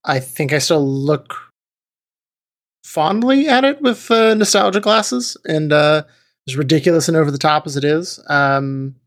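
A man's voice: on the high side, a little slow. A man co-hosting a podcast, chatting casually with many fillers. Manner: relaxed, filler-heavy riffing. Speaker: podcast co-host. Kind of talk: casual chat.

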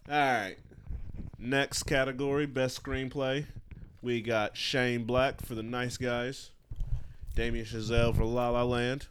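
A man's voice: mid-range voice, level tone, slow pace, fairly bright tone, slight background noise. A man hosting a casual movie podcast, reading out nominees in a laid-back way and laughing often. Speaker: podcast host. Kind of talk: casual chat.

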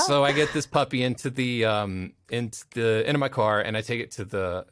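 During a relaxed studio interview, a male voice actor rambles loosely at a moderate pace, occasionally slipping into playful voices for the people he quotes. His pitch is ordinary for a man, and the recording is dry and close.

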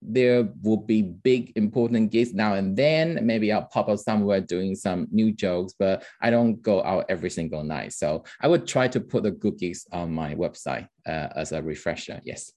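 A man's voice: lowish voice, normal speed, hardly any pauses, darkish tone. A man with a Taiwanese accent, a comedian speaking as an interview guest in a careful, earnest way. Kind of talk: casual interview.

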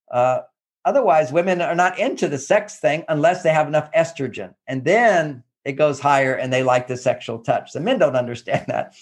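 A man giving relationship advice through lively personal anecdotes, acting out what people said. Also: on the high side. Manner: animated storyteller who acts out quotes. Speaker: guest relationship expert.

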